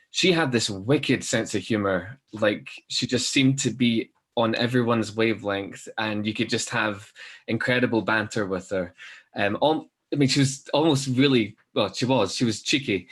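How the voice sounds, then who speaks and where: A man sharing fond memories on a video call, relaxed and informal with fillers. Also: lowish voice. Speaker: church member sharing a memory.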